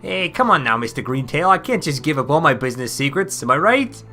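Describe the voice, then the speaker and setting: A man voicing a slick, chummy traveling merchant who talks fast and salesy in a video game. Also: a little high, sing-song, pushed and bright, soft background music, exaggerated voice.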